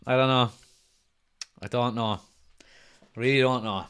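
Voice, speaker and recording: A man's voice: mid-range voice, fairly even intonation, measured pace, fairly bright tone, clear, resonant tone. A man, hosting a casual football watch-along from his front room at home, chatting and reading out viewer comments. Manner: chatty, reads out viewer comments, laughs often. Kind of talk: casual live-stream chat.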